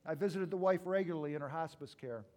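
A male pastor preaching a sermon, telling stories with big swings from loud to hushed. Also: a little high, fast talker.

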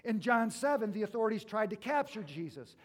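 A male pastor preaching a sermon, telling stories with big swings from loud to hushed. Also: high voice, sing-song, fairly quick.

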